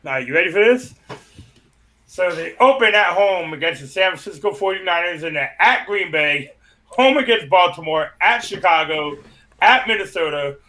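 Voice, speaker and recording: A man's voice: high voice, lively intonation, moderate pace, sharp tone. A man co-hosting a casual football talk show, running through a roster and schedule and laughing at how bad it looks. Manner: laughs while listing team names and schedules. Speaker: podcast co-host. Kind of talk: casual sports chat.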